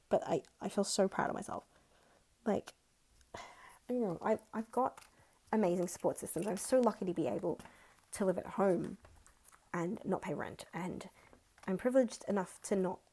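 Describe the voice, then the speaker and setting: A woman in her twenties with an Australian accent, chatting excitedly and counting money aloud in a casual budgeting vlog. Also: medium pitch, gravelly, breathy edge. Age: 20s. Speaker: budgeting vlogger. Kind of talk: casual chat.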